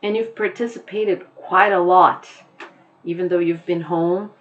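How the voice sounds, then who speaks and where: A woman English teacher giving a recorded class lesson, explaining slowly and patiently with examples. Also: lowish voice, fairly even intonation, narrow, tinny audio.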